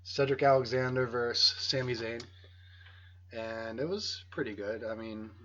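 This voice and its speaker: A man's voice: mid-range voice, unhurried, pushed and bright, slight background noise. A man hosting a casual wrestling podcast, teasing his co-hosts as he runs the rankings. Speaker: podcast host. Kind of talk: casual chat. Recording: dull lo-fi podcast audio.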